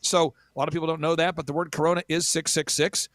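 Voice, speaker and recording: A man talking as a guest in animated, mocking storytelling, energetic and full of quick asides. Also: fairly high pitch, no room sound. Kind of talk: animated storytelling in casual chat.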